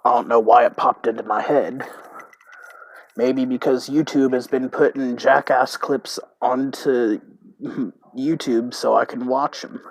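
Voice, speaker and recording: A man streaming a text role-playing game, reading it aloud haltingly and thinking out loud about his choices. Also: mid-range voice, fairly even intonation, dry recording, rough recording.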